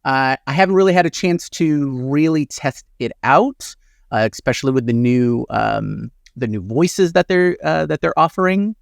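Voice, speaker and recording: A man co-hosting a casual news talk show, speaking hesitantly and pausing often. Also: on the high side, lively intonation, gravelly, dry recording, clean studio sound. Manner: hesitant, many fillers. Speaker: co-host. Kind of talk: casual chat.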